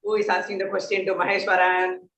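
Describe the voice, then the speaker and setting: A host calls the rounds of an online quiz game with a teasing, playful manner and mid-range pitch. The sound comes over a video call, roomy and a little dull. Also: monotone, quick pace, a bit bright, a little hiss or hum. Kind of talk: lively online meeting hosting.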